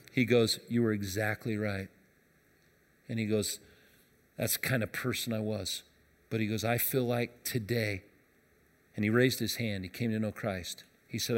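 Man preaching in a reverberant hall. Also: mid-range voice. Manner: storytelling, quiet and hushed in stories, rising to emphatic preaching. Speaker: pastor. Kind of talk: sermon. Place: church auditorium. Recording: long reverb of a large hall.

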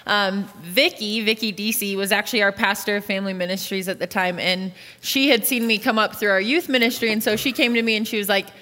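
A woman's voice: mid-range voice, fairly even intonation, fairly quick, hardly any pauses, bright, forceful tone. A woman in her late twenties, a youth pastor, answering interview questions in an earnest, candid way. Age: late 20s. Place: church auditorium stage. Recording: long reverb of a large hall.

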